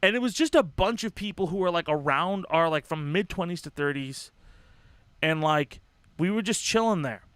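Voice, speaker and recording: Young male streamer, high bright voice, sweary and fired up, dry close sound, casual rambling delivery. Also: expressive, moderate pace, clear, resonant tone, dry recording. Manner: profane, impassioned, rambling with restarts. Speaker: livestream host. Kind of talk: casual livestream commentary.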